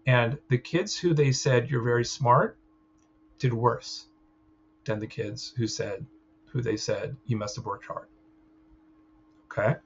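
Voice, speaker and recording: A man lecturing to trainees in an easygoing, talky way, tagging his points with "right?" as he goes. His voice sits at an ordinary middle pitch. The recording is a little dull and muffled, with faint room noise underneath. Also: steady tone, slow, vocal fry, pauses often. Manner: conversational, frequent "right?" check-ins. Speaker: clinical trainer. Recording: slightly dull sound with faint ambience.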